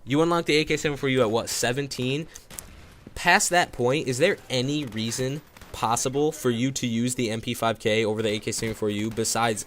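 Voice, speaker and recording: A young man talks over his gameplay in a rambling way, repeating himself and filling gaps with ums. His voice sits at an ordinary pitch for a man, with faint noise under it. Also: fairly even intonation, a little fast, fairly bright tone. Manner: rambling, repeats words, many fillers. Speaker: gaming commentator. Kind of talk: casual gameplay commentary.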